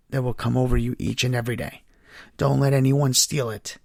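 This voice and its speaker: A man's voice: medium pitch, flat delivery, brisk, vocal fry, darkish tone, no room sound, studio quality. A man hosting a faith podcast, sharing a personal testimony in an earnest, heartfelt way. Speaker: podcast host.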